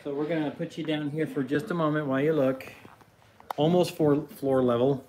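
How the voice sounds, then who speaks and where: A man's voice: fairly high pitch, fairly even intonation, fairly quick, a little mellow, slight background noise, rough recording. A man in casual chat, giving practical instructions while setting up a puppy pen.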